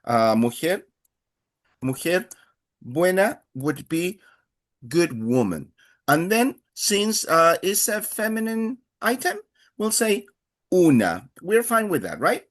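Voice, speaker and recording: A man's voice: high-pitched, big pitch swings, slow pace. A man teaching a beginner Spanish class, explaining patiently with many fillers and acting out short dialogues. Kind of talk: live online Spanish lesson.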